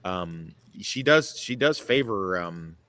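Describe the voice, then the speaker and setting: A man's voice: sits low, animated, slow pace, sharp tone. A man hosting a casual streamed chat, joking and hesitant with many ums. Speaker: host.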